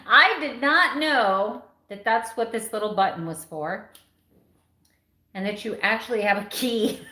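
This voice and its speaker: Female vlogger, 50s, lively sarcastic chatter, slightly high pitch, roomy echo. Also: measured pace. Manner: animated, sarcastic, laughs often. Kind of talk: casual live-stream chat.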